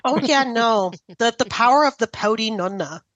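A woman's voice: fairly high pitch, normal speed, no room sound. Woman host, casual storyteller, dry close sound. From Italian-American family. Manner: animated storytelling. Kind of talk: casual chat.

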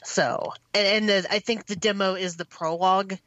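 A woman's voice: medium pitch, fairly even intonation, moderate pace, fairly bright tone, dry recording, lo-fi sound. A woman co-hosting a casual gaming podcast who talks in an easygoing way and laughs along with the others. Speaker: podcast co-host.

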